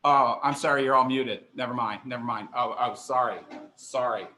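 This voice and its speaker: Middle-aged guy running an online wine class from his kitchen, chatty and excited, echoey room. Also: medium pitch, normal speed, slight background noise. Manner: chatty, enthusiastic, self-deprecating. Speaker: wine instructor. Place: kitchen counter, indoors.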